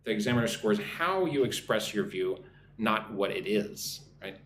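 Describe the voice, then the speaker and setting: A man's voice: lowish voice, animated, normal speed, fairly bright tone. A man with an American accent teaching a live English lesson, often checking in with "right?" and reading viewer comments aloud. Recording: echoey room, faint background noise.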